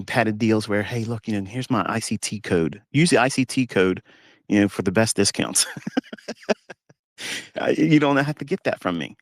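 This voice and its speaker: A lower-pitched man talks from inside his parked pickup truck, and the sound is dry and close with no echo. He is a trading mentor, and he rants emphatically and scornfully with mocking asides. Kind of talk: casual monologue to viewers.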